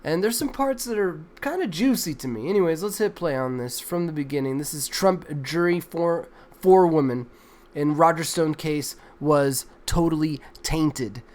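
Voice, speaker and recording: A man's voice: a little high, normal speed, a little mellow. Crude, exasperated male streamer. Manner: crude, exasperated, rambling, swears constantly. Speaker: livestream host. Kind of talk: profane casual commentary on news clips.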